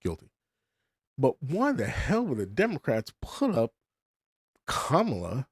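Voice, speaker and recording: A middle-aged podcast host rambles bluntly through a casual monologue full of restarts and swearing. His medium, slightly mellow voice swings widely in pitch at a moderate pace, recorded dry in studio quality.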